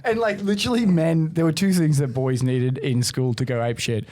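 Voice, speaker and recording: A young man chats loosely on a podcast, telling animated stories full of swearing. He jumps into loud, high-pitched impressions of the people he describes. His voice sits at an ordinary pitch in a dry, close recording. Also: fairly quick, no room sound. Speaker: podcast host. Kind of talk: casual chat.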